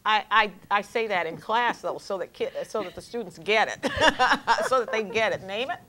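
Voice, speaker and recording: An American woman minister in an interview, explaining ideas calmly with everyday examples. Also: mid-range voice, moderate pace, crowd noise. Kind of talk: interview conversation.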